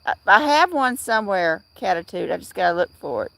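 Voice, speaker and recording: A woman's voice: medium pitch, big pitch swings, brisk, creaky, fairly bright tone, no echo. A middle-aged woman hosting a casual livestream, rambling with many fillers and restarts as she answers viewers in chat. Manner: replies to chat viewers by name. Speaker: livestream host.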